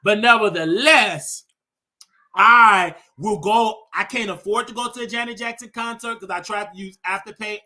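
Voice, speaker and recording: A man in his thirties with a high, piercingly bright voice delivers a scolding commentary rant. He is sassy and dramatic, swinging from loud jabs to mock-polite asides. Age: 30s. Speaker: show host. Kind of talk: ranting commentary.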